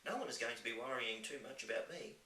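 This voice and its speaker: A man voicing a small, plucky orphan girl in a quick, high, clipped voice. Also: pushed and bright, natural voice. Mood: matter-of-fact. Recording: roomy, distant mic, faint hiss.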